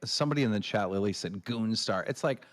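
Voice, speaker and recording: A man hosting a livestream, telling a long story in a ranting, swearing way and mimicking others in shrill voices. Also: fast talker. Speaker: show host. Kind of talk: casual livestream chat.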